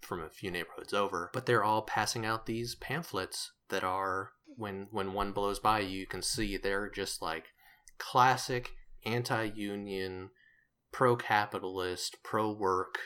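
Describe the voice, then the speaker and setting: A man's voice: on the low side, steady tone, unhurried, sharp tone. A man narrating a tabletop game as game master, rambling and correcting himself as he describes scenes.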